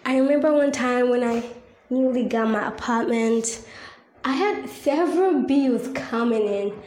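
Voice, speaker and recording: A woman's voice: a little high, measured pace, darkish tone. A woman hosting a devotional podcast, speaking earnestly and repeating her points like a preacher. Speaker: podcast host. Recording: echoey room with faint ambient noise.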